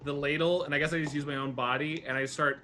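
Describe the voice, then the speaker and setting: A man playing a tabletop game, talking casually and explaining his moves with quick restarts. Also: on the high side, a little hiss or hum. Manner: lively, stumbling restarts. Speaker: player.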